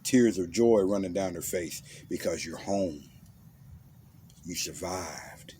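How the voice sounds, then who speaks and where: A man's voice: low-pitched, slow, dark tone, a little hiss or hum. A man giving a blunt, intense monologue that guides the listener through a visualization, using slang and commands. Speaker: motivational self-defense speaker.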